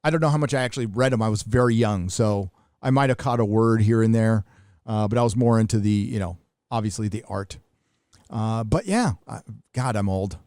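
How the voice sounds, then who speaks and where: A man's voice: fairly low pitch, fairly quick, a little mellow, no echo, clean studio sound. A middle-aged man from the United States hosting a live show, talking bluntly and casually with profanity and frequent restarts. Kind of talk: casual livestream commentary.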